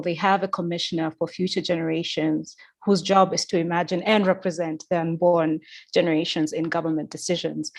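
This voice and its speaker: A woman moderating an online panel discussion. She puts her questions to the speakers in full, measured sentences. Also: on the low side. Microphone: video call.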